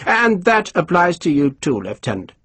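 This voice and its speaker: A man putting on a haughty, short-tempered army colonel, pitched up and swinging through a lively range. He sounds condescending and silky, then snaps irritably, with a touch of huskiness. It's close and dry, like a studio audiobook. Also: normal speed, husky, dry recording, full character voice. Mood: pompous. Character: pompous, snappish middle-aged male army colonel.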